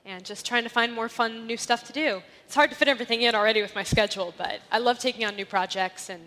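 A woman's voice: on the high side, fast talker, bright, forceful tone. A woman guest on a live podcast, chatty and enthusiastic. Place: large museum hall with live audience. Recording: live in a reverberant hall.

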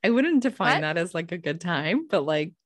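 A woman's voice: fairly low pitch, very animated, moderate pace, no echo. A woman co-hosting a casual chat, reacting to stories with frequent exclamations.

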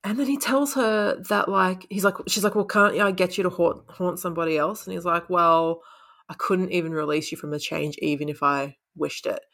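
A woman's voice: lowish voice, moderate pace, fairly bright tone. A woman chatting casually about a book, laughing often and acting out the characters' lines. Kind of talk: casual chat retelling a book.

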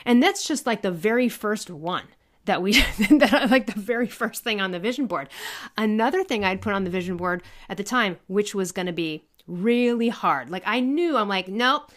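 A woman guest on a podcast tells a personal story in casual conversation, speaking at a moderate pace with a medium pitch. She's animated, swears freely, and acts out what people said.

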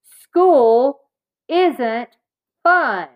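A woman's voice: high-pitched, expressive, very slow, muffled recording, voice pushed up, full character voice. A woman voicing an upset, sulky young boy who protests in a whiny, indignant way in a storybook reading.

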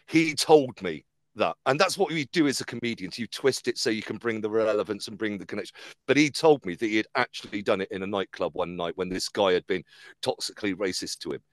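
A man's voice: on the low side, a little fast, dry recording. A man hosting a casual comedy podcast, telling stories and acting out the voices of the people in them. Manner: animated storyteller who acts out quoted voices.

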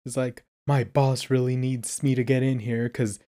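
A man's voice: level tone, moderate pace, mellow. A man co-hosting a podcast, casually poking holes in a film's plot with wry jokes. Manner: wry, questioning, low-key jokes. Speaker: podcast co-host. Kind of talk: casual film review chat.

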